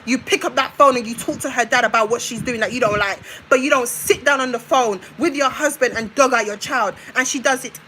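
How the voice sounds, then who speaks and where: A woman's voice: on the high side, a little fast, few pauses, sharp tone, a little hiss or hum, low-quality recording. A young woman on a live stream, ranting in a confrontational way and hammering her points home with repetition. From United Kingdom. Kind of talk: heated live-stream rant.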